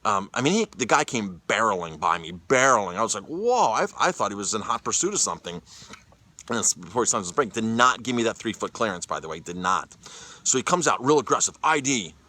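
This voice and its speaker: Bright-voiced man telling a story. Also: lowish voice, fast talker. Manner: animated, often repeats and restarts words. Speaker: chef and cyclist vlogger. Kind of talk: casual storytelling to camera.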